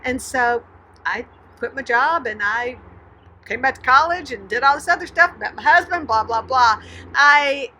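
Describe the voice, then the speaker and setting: A middle-aged woman from Texas, telling a personal story to camera in a chatty, animated way. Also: high-pitched, a little slow, a little hiss or hum. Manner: chatty and animated, with laughs and sighs. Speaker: writing channel host.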